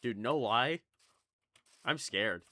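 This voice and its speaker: A man's voice: mid-range voice, expressive, takes it slowly, pushed and bright, no room sound. A young man with a slight Southern US accent from Kentucky, rambling and swearing through casual gameplay commentary. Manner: rambling, swearing, jumpy, chatty. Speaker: gaming YouTuber.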